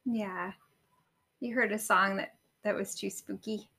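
A young mother co-hosting a home reading podcast, reading a picture book aloud in turns with her child and gently prompting him. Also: mid-range voice, fairly even intonation, unhurried. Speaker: co-host and mother.

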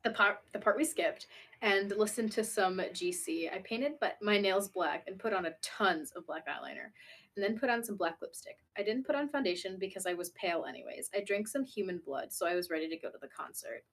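A young woman co-hosting a casual podcast, reading fanfiction aloud in a laid-back, deadpan way with quick asides. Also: medium pitch. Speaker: podcast co-host.

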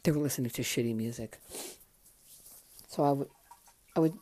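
A woman's voice: a bass voice, moderate pace, very noisy. A woman in her fifties, a podcast host telling memories in a candid, chatty way with plenty of swearing. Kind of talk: casual memoir storytelling.

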